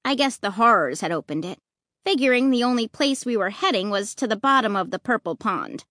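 A woman reading a children's story aloud, expressive and lively, acting out the dialogue. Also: fairly high pitch, fairly quick, no echo, clean studio sound. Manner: lively, voicing dialogue with rising excitement. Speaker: audiobook narrator.

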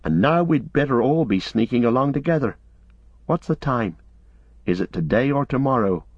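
A man's voice: medium pitch, lively intonation, normal speed, husky, no room sound, pitched above the performer's own voice. A man playing a loyal, plain-spoken male hobbit servant with homely, rustic turns of phrase, on a dull lo-fi recording. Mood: resigned.

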